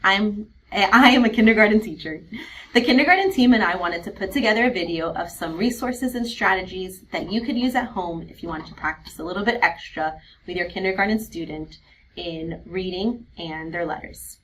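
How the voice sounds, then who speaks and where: A woman who teaches kindergarten, explaining reading strategies to parents in a clear, patient way, slowing down to model words and letter sounds. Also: medium pitch, a bit bright, a little hiss or hum, low-quality recording. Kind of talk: instructional video for parents.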